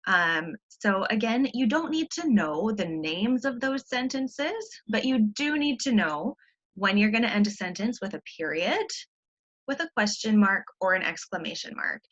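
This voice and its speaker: A woman's voice: mid-range voice, a bit bright, highs cut off. A woman teacher giving a recorded online grammar lesson, explaining patiently step by step with frequent ums.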